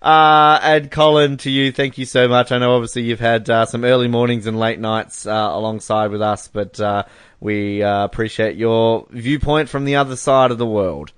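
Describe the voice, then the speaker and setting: A man hosting a sports podcast in loose, rambling chat, often breaking into laughter. His voice is mid-pitched and sits close to a dry microphone, with no room sound around it. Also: steady tone, normal speed, a bit bright, smooth, dry recording. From Australia. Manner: chatty, laughs often, many fillers. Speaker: podcast host.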